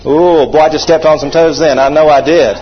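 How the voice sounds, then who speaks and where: A man's voice: fairly high pitch, fairly even intonation, fairly quick. A man preaching a sermon emphatically and having the congregation repeat phrases. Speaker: pastor. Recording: dull lo-fi recording.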